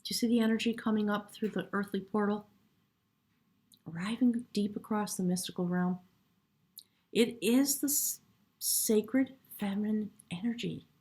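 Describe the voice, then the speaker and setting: A tarot reader, a woman with a mid-range voice, gives a spiritual reading softly and reverently. At times she drops to a hush and gets choked up.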